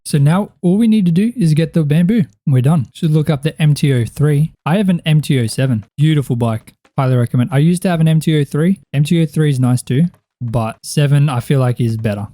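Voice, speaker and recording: A man's voice: fairly high pitch, fairly quick, mellow, no echo. A young Australian man with an Australian accent, chatting and rambling casually as he comments on his own gameplay. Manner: chatty, rambling, thinks aloud. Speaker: gaming channel host.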